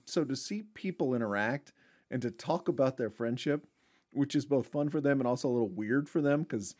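Animated man telling stories as a podcast guest. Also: medium pitch, dry recording, studio quality. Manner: animated storyteller who acts out quotes. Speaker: sports media writer, guest. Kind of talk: casual podcast interview.

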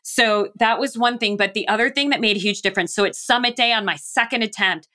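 Woman from the United States, middle-aged, bright clear tone, interview guest, lively storyteller acting out quoted lines. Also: medium pitch, brisk. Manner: vivid storyteller who acts out her own thoughts and quoted lines. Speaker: guest, mountaineer.

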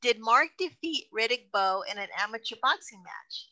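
A woman's voice: on the high side, animated, normal speed, pushed and bright, low-quality recording. A woman interviewer reading out listener questions and chatting casually.

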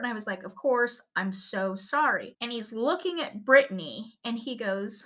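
A woman's voice: fairly high pitch, animated, moderate pace, hardly any pauses, fairly bright tone. A woman co-hosting a podcast, telling a story in casual chat and laughing often as she goes. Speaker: podcast co-host.

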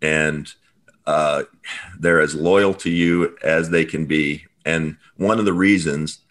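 A middle-aged man hosts a podcast in a very low, deep voice. He speaks in a heartfelt, halting way, pausing often and choosing his words with feeling. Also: steady tone, a bit bright. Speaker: podcast host. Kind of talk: podcast interview.

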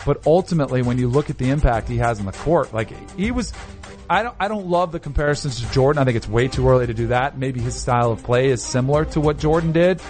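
A man's voice: medium pitch, animated, fast talker, a little mellow, soft background music. A man hosting a casual sports chat show, conversational and opinionated. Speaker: sports talk host.

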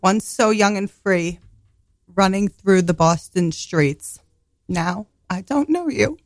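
A woman playing a deadpan mother in a comedic radio bit, with a dry, understated delivery. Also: medium pitch, slow, no room sound. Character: deadpan mother of a grown son.

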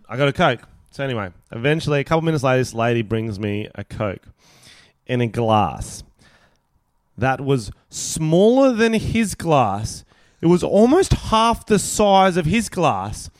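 A young man co-hosting a podcast, telling stories in casual chat, animated and swearing freely with frequent laughs. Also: on the high side, unhurried, dry recording, clean studio sound. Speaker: podcast co-host.

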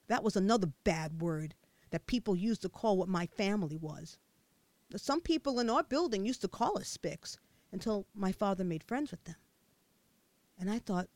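A woman narrating a first-person memoir as an expressive audiobook reader with a childlike viewpoint. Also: medium pitch, moderate pace, dry recording.

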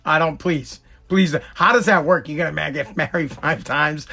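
A man's voice: on the high side, moderate pace, creaky, bright, forceful tone, slightly rough. A man hosting a podcast from home, delivering a mocking, exasperated comedic rant and often breaking into laughter. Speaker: podcast host.

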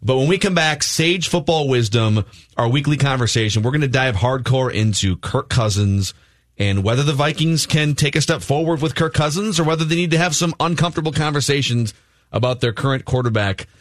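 A man's voice: mid-range voice, a little fast, no echo. Male sports radio host, loose and jokey, dry booth sound. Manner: loose, laughing, ad-reading. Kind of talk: sports talk radio banter. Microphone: studio microphone.

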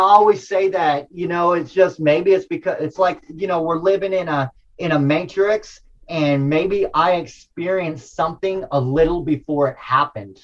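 A man as an interview guest, telling a personal story in a casual, animated way, full of slang and restarts. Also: high voice, muffled recording.

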